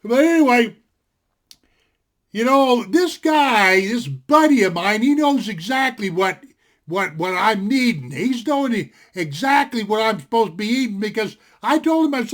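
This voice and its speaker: Folksy older man, very high-pitched speaking voice, rambling anecdote told straight to camera. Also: lively intonation, moderate pace, fairly bright tone. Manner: folksy and rambling, with many fillers. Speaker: storyteller. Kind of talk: casual storytelling to camera. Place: home desktop setup.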